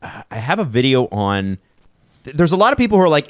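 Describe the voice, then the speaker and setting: A man's voice: medium pitch, big pitch swings, quick pace, dry recording, studio quality. A man hosting a podcast in a casual chat, often reading aloud from an article. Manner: reads aloud from an article, chatty. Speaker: podcast host.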